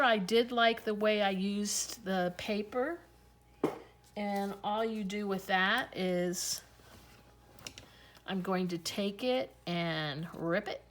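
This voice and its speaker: Unhurried woman chatting through a craft tutorial. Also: mid-range voice, slight background noise. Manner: chatty, unhurried, talks through each step. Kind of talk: casual crafting tutorial, thinking aloud.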